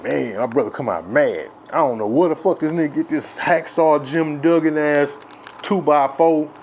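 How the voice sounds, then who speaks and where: A man from Texas telling a childhood story in a rambling, profane, filler-heavy way that grows loud and excited with laughs. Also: a little high, moderate pace, slight background noise. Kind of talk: casual storytelling.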